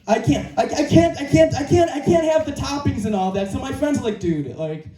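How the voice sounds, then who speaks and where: A man's voice: extremely high pitch, animated, fairly quick, dark tone. A man giving a personal motivational talk at a live event, earnest and emphatic, often repeating his key phrases. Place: indoor creative venue, live audience. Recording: echoey room from far off, faint music.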